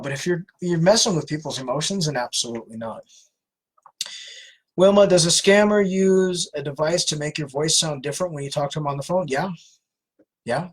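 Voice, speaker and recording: A woman's voice: deep voice, slightly rough, poor audio. A woman hosting a live question-and-answer session, answering viewer questions in an earnest, plain-spoken way. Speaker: host of a scam-awareness Q&A.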